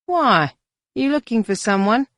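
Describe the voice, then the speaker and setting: A man's voice: high voice, a little fast, no room sound, pitched above the performer's own voice, natural voice. A man voicing a big, surly alien bouncer who grumbles as he talks, in an audiobook. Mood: suspicious.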